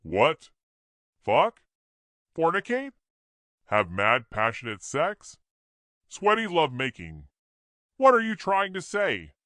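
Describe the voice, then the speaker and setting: A man's voice: on the high side, sing-song, unhurried, fairly bright tone, no room sound, voice pushed up. A man voicing a seductive, menacing woman doctor with something demonic about her, mocking and snarling.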